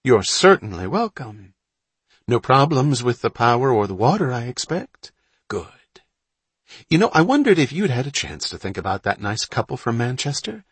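A man's voice: medium pitch, sing-song, normal speed, husky, no room sound, voice pushed up. A man doing a chatty, eager landlady. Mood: coaxing. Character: chatty, eager middle-aged woman landlady.

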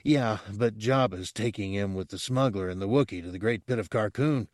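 A guarded young man, voiced by a male reader, speaking low and hushed as if not wanting to be overheard. His tone is flat and wary. The sound is dry and close. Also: normal speed, no echo, lightly acted.

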